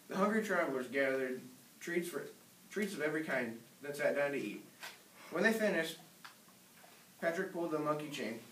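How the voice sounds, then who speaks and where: A man reading a children's picture book aloud in a gentle storytelling manner. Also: fairly high pitch, expressive, normal speed, pauses often, slight background noise. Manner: gentle storytelling, small slips. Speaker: reader. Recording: echoey room, distant mic.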